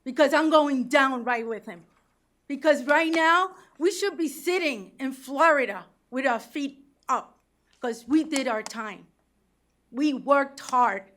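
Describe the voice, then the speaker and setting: A woman's voice: high-pitched, takes it slowly, fairly bright tone. An older woman from Cuba, a taxi medallion owner, giving emotional, pleading testimony at a public hearing.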